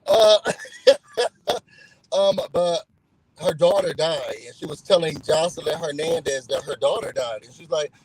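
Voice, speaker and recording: On his channel, a man casually recaps a reality show, telling it with animation and acting out what people said in other voices. His voice is on the high side and slightly rough, at a moderate pace, and the audio quality is poor.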